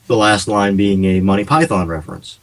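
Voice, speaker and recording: Man, low voice, game developer guest, relaxed radio chat, rambling explanations. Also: a little fast, poor audio. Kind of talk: casual radio interview.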